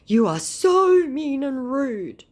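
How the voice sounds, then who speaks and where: A woman's voice: high voice, very animated, slow, voice pushed up, heavily acted. A woman voicing a sulky, rude young male online scammer with whiny, clipped retorts. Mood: snappy.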